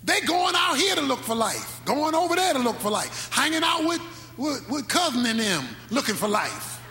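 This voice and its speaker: High bright-voiced preacher in a hall. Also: male voice, big pitch swings. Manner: dramatic preaching, sudden shouts and slow drawn-out phrases. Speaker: pastor. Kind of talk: sermon. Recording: echoey hall with faint music.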